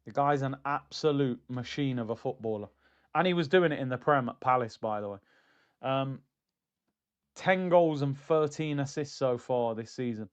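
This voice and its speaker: A man hosting a casual football livestream, talking in an animated, chatty way and answering comments from his chat. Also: medium pitch, normal speed, smooth, muffled recording. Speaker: football streamer.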